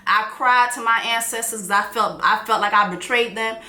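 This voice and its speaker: A woman's voice: a little high, moderate pace, bright, forceful tone. Blunt, joking woman host in an echoey room. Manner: blunt, joking, uses slang. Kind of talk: casual commentary chat.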